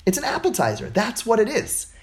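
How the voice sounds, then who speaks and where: A man teaching religious texts in an informal lecture over a video call, animated and full of rhetorical questions. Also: sits high, a little fast. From United States.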